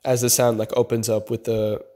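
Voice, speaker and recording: In this relaxed tutorial voice-over, a young beat producer explains his process step by step, peppered with "kinda" and "like." His voice is warm and medium-pitched, flat in delivery and moderately paced, over a faint beat.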